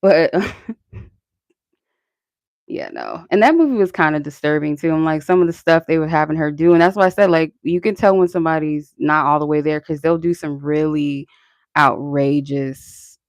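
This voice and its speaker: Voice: mid-range voice, normal speed, dry recording, highs cut off. A channel host talking in a casual, rambling and profane way, full of "like" and laughter. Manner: frequent filler "like" and laughter. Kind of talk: casual chat.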